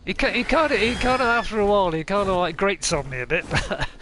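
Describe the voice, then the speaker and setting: A man streaming a video game, chatting casually, excitable and laughing often as he talks to himself. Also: high-pitched, quick pace, background noise. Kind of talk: casual gameplay commentary.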